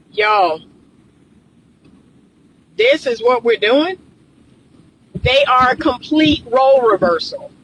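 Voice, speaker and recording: Woman, relationship coach, high bright voice, emphatic, repetitive, lecturing. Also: lively intonation, drawn-out words, pauses often, a little hiss or hum, poor audio. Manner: emphatic, repeats herself, lecturing. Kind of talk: reaction commentary.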